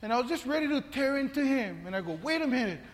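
A man's voice: very high voice, expressive, fast talker. A man, a pastor telling a comic story in a sermon, acting out voices and laughing often. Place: church hall. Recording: long reverb of a large hall.

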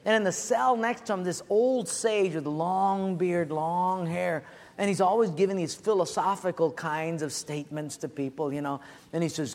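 A middle-aged male pastor preaching a sermon, animated and acting out comic stories. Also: high voice, normal speed. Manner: animated storyteller, acts out voices. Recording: echoey church hall, faint ambience.

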